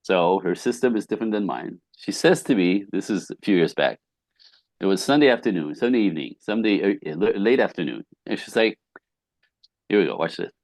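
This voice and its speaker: A man's voice: low-pitched, sing-song, brisk, a little mellow, no echo. A middle-aged man, a podcast guest, telling relationship stories with emphasis and acting out the dialogue. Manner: emphatic storyteller, acts out dialogue, laughs often. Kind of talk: animated conversational interview.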